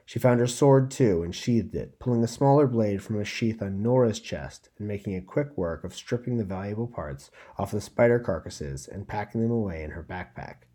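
A man hosting a podcast, reading a piece of fiction aloud in a steady, measured storybook narration. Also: fairly low pitch.

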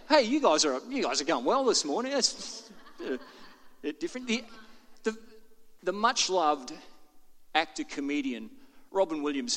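A man's voice: a little high, a bit bright, big-room sound. An older man preaching a sermon to his congregation in a chatty, self-deprecating way. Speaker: pastor. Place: church auditorium.

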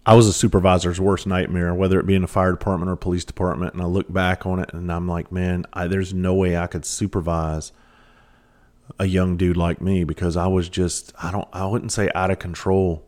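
Casting: man in his thirties, deep voice, ex-cop storyteller, profane and laid-back. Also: little pitch movement, brisk, darkish tone. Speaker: former police officer and firefighter. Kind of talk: casual storytelling.

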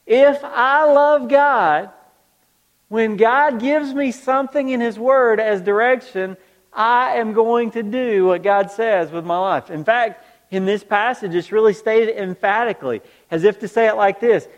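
A man with a high voice preaches to his congregation, pausing to fire rhetorical questions back at them. His words ring out with a long reverb that fills the large church hall. He talks like a pastor working the crowd. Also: muffled recording. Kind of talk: sermon.

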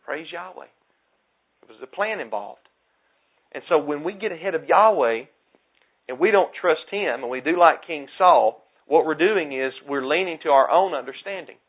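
A male preacher delivering a sermon, surging to loud emphatic stresses and dropping low again, acting out quotes in character. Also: animated, moderate pace, breathy edge. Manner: acts out quoted speech in character. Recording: tinny phone-like narrow sound.

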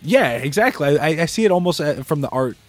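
A man's voice: on the high side, animated, brisk, faint music behind. A man co-hosting a podcast in easygoing casual chat, talking freely and laughing now and then. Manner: easygoing, chatty, laughs often. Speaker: podcast co-host.

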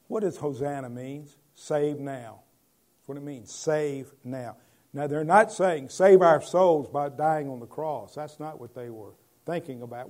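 A man, a pastor, preaching a conversational sermon and moving between loud proclamation and quiet asides. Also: a little high.

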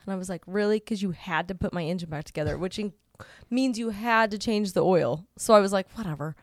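A woman's voice: mid-range voice, fairly quick, no echo, studio quality. A middle-aged woman telling a story in casual chat, acting out the people she quotes and laughing along. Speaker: podcast co-host.

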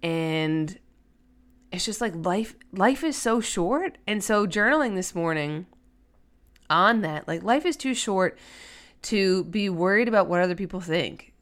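A woman's voice: medium pitch, expressive, measured pace. A woman hosting a solo podcast in a chatty, earnest way, with many fillers. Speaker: podcast host. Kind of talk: casual solo podcast talk.

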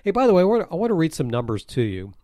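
Excitable man ranting on a podcast. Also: rapid-fire, dry recording. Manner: ranting, excitable, high-pitched outbursts. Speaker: podcast co-host. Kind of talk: casual podcast chat.

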